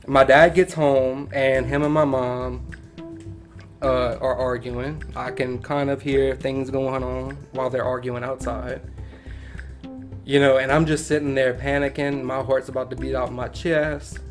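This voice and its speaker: A man's voice: medium pitch, measured pace, soft background music. Cajun man telling a story. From Louisiana bayou country. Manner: animated, laughs through his own story, Southern turns of phrase. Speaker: podcast guest. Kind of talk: casual storytelling.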